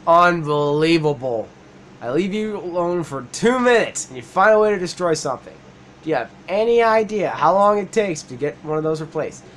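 Dude reading out a fed-up whiny game character, kinda high. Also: male voice, expressive, normal speed, slight background noise, natural voice. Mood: exasperated. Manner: fed-up, complaining.

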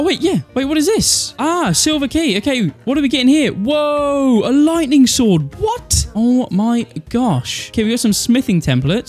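A man giving excitable, nervous let's-play commentary, exclaiming and talking to himself as he plays. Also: high-pitched. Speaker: gaming YouTuber.

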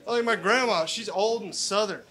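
A young man doing a profane stand-up set, telling stories in a deadpan way. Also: high-pitched, normal speed, a crowd in the background. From Roswell. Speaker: stand-up comedian. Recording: live club recording with background noise.

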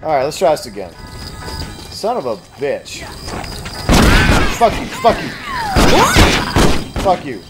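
A man commentating his video game play, often frustrated, shouting and swearing. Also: on the high side, wildly swooping pitch, takes it slowly, long pauses. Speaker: let's play gamer. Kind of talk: live gameplay commentary. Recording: gameplay with music behind.

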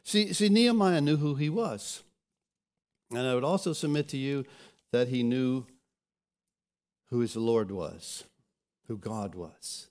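A man's voice: medium pitch, lively intonation, measured pace, long pauses, darkish tone. A pastor preaching a sermon, often repeating words as he restarts, and telling scripture stories dramatically.

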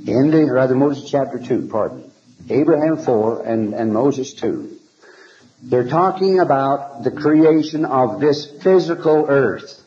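A man giving a scripture lecture to a class, often checking in with rhetorical questions and pausing to repeat words as he thinks, on an old archival tape. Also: mid-range voice, animated, dark tone, highs cut off. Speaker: religious lecturer.

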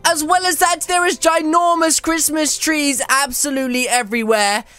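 A woman hosting a game video, chatting and exclaiming in excited commentary. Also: high-pitched, normal speed, soft background music. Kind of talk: excited let's-play commentary.

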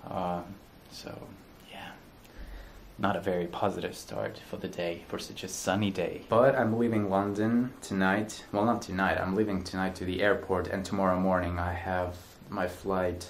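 Hesitant vlogger man, lowish voice. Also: steady tone, moderate pace, echoey room, slight background noise. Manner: loose, hesitant, filler-heavy chat. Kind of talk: casual vlog talk to camera.

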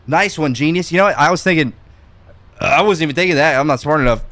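A man's voice: fairly high pitch, quick pace, fairly bright tone. A man streaming a game, bragging and joking with his chat while jumping around and getting out of breath. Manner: boastful and joking, talking straight to chat. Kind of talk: casual live-stream game commentary.

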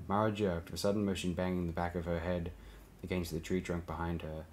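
A man narrating an audiobook in a steady, low-key reading. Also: fairly quick, slight background noise. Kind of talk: scripted narration.

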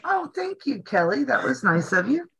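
A woman's voice: high-pitched, very animated, moderate pace, a bit bright, breathy edge. A Southern American woman hosting a casual sewing livestream, chatty and teasing, laughing often. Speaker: host of a sewing channel livestream.

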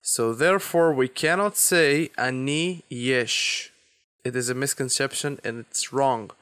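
Man teaching slowly in a dry room. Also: medium pitch, a bit bright, clear, resonant tone, no room sound. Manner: slow, deliberate explanations with example phrases. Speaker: Hebrew teacher. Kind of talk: language lesson.

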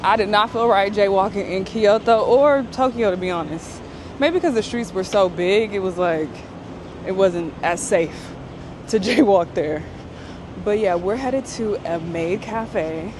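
A woman's voice: medium pitch, unhurried. Chatty woman vlogging on a noisy street. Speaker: travel vlogger. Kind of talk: casual vlog chat while walking outdoors. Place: city street outdoors. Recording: clear city street noise behind.

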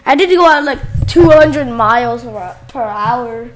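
A woman hosting a gaming channel, giving casual let's-play commentary, chatting to her viewers and yelling at game characters. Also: a little high, lively intonation, measured pace.

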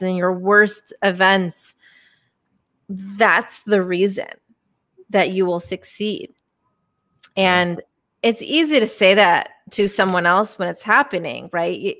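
A woman's voice: mid-range voice, a bit bright. A woman in her thirties, a guest on a podcast, telling a personal story candidly and with feeling, with many fillers and restarts. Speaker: guest, professional bowler. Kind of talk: casual podcast interview storytelling.

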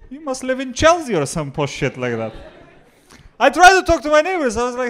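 A young Macedonian man with a Macedonian accent performing a stand-up comedy set in a club, mixing deadpan jokes with crowd work. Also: extremely high pitch, fairly quick. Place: comedy club before a live audience.

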